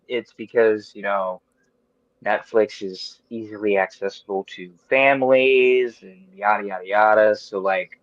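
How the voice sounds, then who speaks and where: Man in his thirties, podcast host, animated rambling rants with profanity. Dry, lo-fi sound. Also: on the low side, a little slow, no room sound. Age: 30s. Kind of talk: casual chat.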